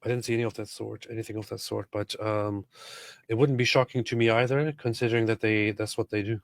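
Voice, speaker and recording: A man's voice: on the low side, level tone, quick pace, creaky, no room sound. Sarcastic man reading livestream chat. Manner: sarcastic, dry, reads chat messages aloud. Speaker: livestream co-host. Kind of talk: casual livestream chat reading super chats.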